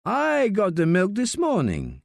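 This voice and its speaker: An evasive young husband talks in a slow, coaxing way, as a male narrator puts him on. The delivery is animated and recorded close and dry for an audiobook. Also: sits high, gravelly, dry recording, pitched above the performer's own voice, full character voice.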